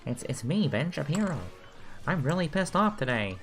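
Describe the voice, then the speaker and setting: An indignant, irritable man announces how pissed off he is, his voice hitched up above its usual low register, as a gamer puts him on. He sounds sore and pompous, pushing every line out a little louder than normal. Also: big pitch swings, normal speed, soft background music.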